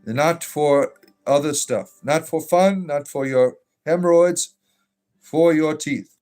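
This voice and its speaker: A man's voice: on the high side, takes it slowly, darkish tone. A man hosting a casual livestream as a druid bard, joking with chat and giving blessings. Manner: joking, reacts to chat messages, blesses viewers. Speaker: livestream host reading chat.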